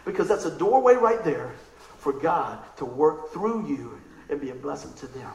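A man preaching a sermon in an animated, conversational way, telling stories and asking the crowd questions. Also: on the high side, normal speed, gravelly, echoey room, rough recording. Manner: animated, excitable storytelling.

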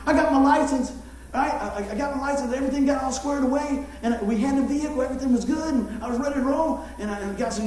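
A man's voice: very high-pitched, fast, a little mellow, a little hiss or hum. A middle-aged man, preaching a folksy, joking sermon to his congregation. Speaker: pastor. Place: church sanctuary. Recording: echoey church room, mic far off.

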